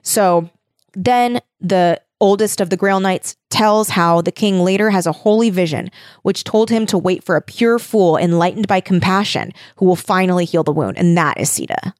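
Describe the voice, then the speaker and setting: A young woman chatting casually on a podcast, retelling an opera's plot with quick silly character voices. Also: lowish voice, a little mellow, no room sound, clean studio sound. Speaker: podcast co-host. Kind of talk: casual chat recapping an opera.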